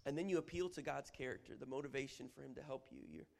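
A man giving a lively, humorous church teaching, acting out prayers as he explains them. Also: mid-range voice, quick pace, creaky. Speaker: Bible teacher. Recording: long hall reverb.

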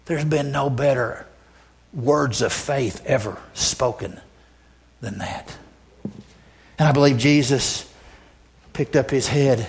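Slow, emphatic male preacher. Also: medium pitch, gravelly. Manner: emphatic, repetitive, asks the audience rhetorical questions. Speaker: pastor. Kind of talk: sermon.

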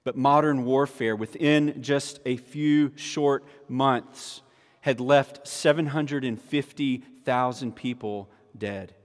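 A man's voice: medium pitch, steady tone, slow pace. A male pastor giving a sermon, emphatic and repeating key phrases for weight. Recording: long hall reverb.

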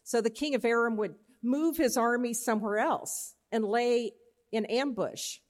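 A woman giving a chapel talk, telling a Bible story with animated voices and often checking in with her listeners. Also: on the high side, a little slow. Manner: animated, acts out characters in the story. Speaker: chapel speaker.

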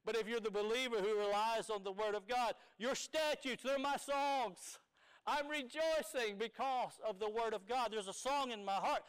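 Male preacher, sermon, high voice, emphatic, soft to loud, explains old words. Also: normal speed, clear, resonant tone, rough recording. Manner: explains Hebrew and Greek words.

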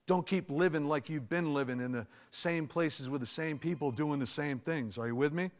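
Here a pastor with a high male voice gives a lively, conversational sermon and addresses the congregation directly now and then. His pace is normal, and the large sanctuary leaves a long, reverberant tail on every word.

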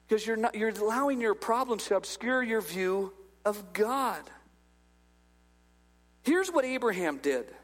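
A male pastor preaching a humorous, conversational sermon in a church, acting out little dialogues as he goes. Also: very high voice. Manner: jokey, acts out little dialogues. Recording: long hall reverb.

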